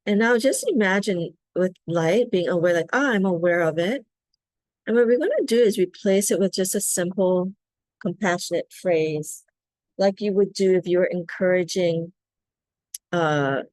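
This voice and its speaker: A middle-aged woman with a lowish voice leads a guided self-care practice in a soft, coaxing way. She checks in with her listeners often. Her voice sounds close and dry. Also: no echo. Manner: gentle, coaxing, asks "right?" often. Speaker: wellness facilitator.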